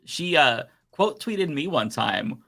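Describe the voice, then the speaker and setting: Male panelist, bright and punchy, profane, animated rant delivery. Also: on the high side, slow, creaky. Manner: animated, profane, laughs while ranting. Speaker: podcast co-host. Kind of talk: casual political chat.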